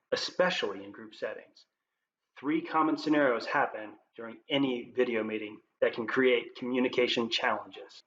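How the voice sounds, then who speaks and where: A man presenting as a leadership coach, giving scripted tips to camera in a clear, upbeat presenter manner. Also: mid-range voice, fairly bright tone. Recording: roomy, slightly dull with faint noise.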